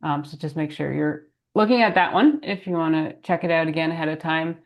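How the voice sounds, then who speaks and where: A woman's voice: sits low, a little fast. A woman with a groggy voice, feeling ill, giving a planning update to a town meeting over a remote call. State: groggy voice from illness. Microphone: video call.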